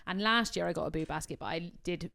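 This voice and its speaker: A woman co-hosting a podcast, telling animated stories and swearing freely in casual chat. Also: lowish voice, fast, creaky. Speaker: podcast co-host, wedding worker.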